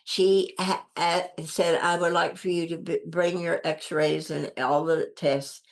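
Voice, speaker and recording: This older woman, a guest in an interview, recounts a personal story slowly in a fairly low, creaky voice with a flat delivery. She is nonetheless earnest and emphatic, repeating phrases for effect and lifting her voice to act out quoted dialogue.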